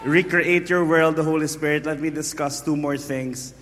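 A husky-voiced man with a Filipino accent preaching a live sermon, bantering playfully with his congregation. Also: a little high, fairly even intonation, normal speed, fairly bright tone. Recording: echoey hall.

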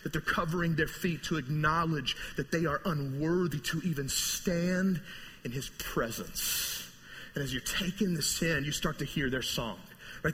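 A male pastor delivers a storytelling sermon in a bright, slightly husky voice. His voice climbs high on big moments and falls to a hush on quiet ones. A long reverb trails each phrase. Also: normal speed. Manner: vivid storytelling, swings between soaring and hushed.

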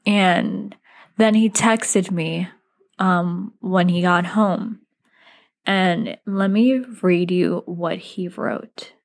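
A woman's voice: fairly low pitch, drawn-out words, gravelly. A woman podcast host casually recounting a bad first date, chatty and full of filler words, acting out what others said. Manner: chatty, frequent "like" fillers, quotes others in animated asides. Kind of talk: casual storytelling.

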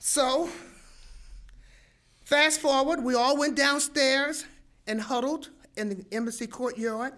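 Animated older woman telling a story. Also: sits high, slow pace, pauses often. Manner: animated, acts out sounds and voices. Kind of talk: personal storytelling to an audience.

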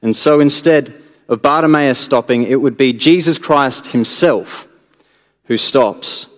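A man preaching a sermon in an earnest way, building to emphatic peaks and then dropping low and soft. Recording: long hall reverb.

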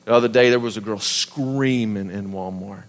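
A man in his thirties with a Southern US accent, preaching a sermon in an animated, emphatic and conversational way. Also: lowish voice, normal speed, in a large hall. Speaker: pastor.

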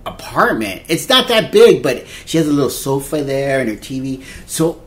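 A man in his fifties telling a dating story in casual chat, animated and laughing, acting out quotes. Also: medium pitch, moderate pace. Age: 50s. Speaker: podcast co-host.

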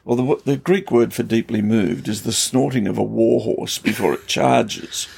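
A man's voice: lowish voice, normal speed, creaky, a little mellow, slightly rough. A man, a pastor, explaining scripture in an earnest, emphatic conversational way. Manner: earnest, emphatic storytelling with rising intensity. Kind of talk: conversational Bible teaching.

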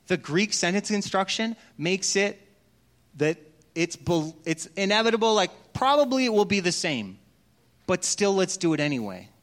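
A middle-aged man preaches like he's chatting with friends, telling family stories from the pulpit. His voice sits a little high for a man. He often drops to a hushed, gentle tone when the story turns tender. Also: lively intonation, normal speed. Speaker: pastor. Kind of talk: sermon.

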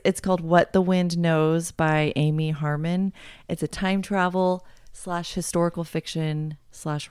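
A woman's voice: on the low side, a little mellow, clean tone, no room sound, clean studio sound. A woman hosting a podcast, chatting casually with family and laughing often. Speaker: podcast host. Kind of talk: casual chat.

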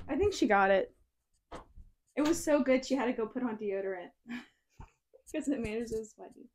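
Playful young woman podcast cohost, high voice, with a little hiss under it. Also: normal speed, pauses often, a little mellow. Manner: joking, playful, teasing. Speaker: podcast co-host. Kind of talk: casual chat.

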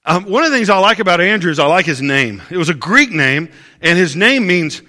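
A man's voice: sits high, sing-song, a little fast, pushed and bright, in a large hall. A man preaching a sermon as pastor, telling a story in a conversational way and asking the congregation rhetorical questions. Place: church service.

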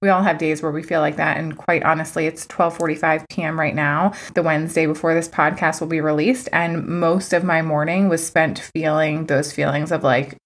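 A woman's voice: low voice, fairly even intonation, normal speed, few pauses. A woman hosting her own podcast as a coach, talking casually and candidly, with lots of "like" fillers and some swearing. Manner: candid, chatty, swears freely, many "like" fillers. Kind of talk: casual solo podcast talk.

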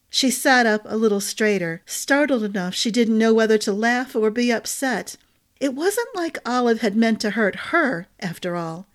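A woman narrating a fantasy novel chapter in a calm, measured storytelling voice. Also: fairly high pitch.

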